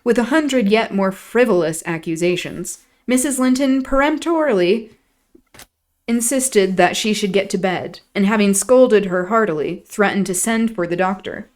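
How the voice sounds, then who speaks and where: A woman's voice: mid-range voice, normal speed, a little mellow. Woman reading a novel aloud. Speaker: host.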